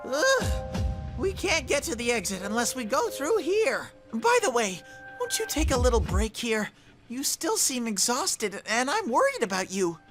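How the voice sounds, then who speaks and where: A woman's voice: fairly high pitch, sing-song, normal speed. A woman voicing a bubbly bear mascot. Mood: caring. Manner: bubbly, earnest. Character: cheerful, caring male bear mascot. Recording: game audio over music.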